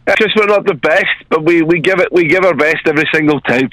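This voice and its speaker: Scottish male caller, relaxed and good-humoured, dry close sound. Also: on the high side, fast talker, dry recording, poor audio. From Scotland. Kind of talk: casual phone-in chat.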